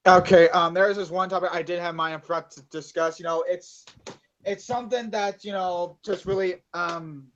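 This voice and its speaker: A man's voice: high voice, fairly even intonation, moderate pace, fairly bright tone, lo-fi sound, slight background noise. A man co-hosting a casual podcast about movies, rambling with many fillers and swearing. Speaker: podcast co-host.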